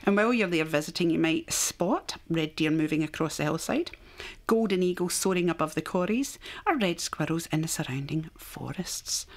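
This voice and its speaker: A woman's voice: deep voice, expressive, moderate pace. A Scottish woman presenting a radio programme, chatting casually and telling local history with fillers and laughs.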